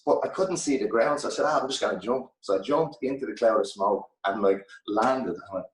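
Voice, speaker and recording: An Irish man in his thirties, speaking in a fairly low register, tells a story as a guest in a relaxed chat. His storytelling is loose and lively, with the odd curse. His voice sits back from the mic in a roomy, echoing space. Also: brisk. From Ireland. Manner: lively anecdote-telling, loose and profane. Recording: echoey room, mic at a distance.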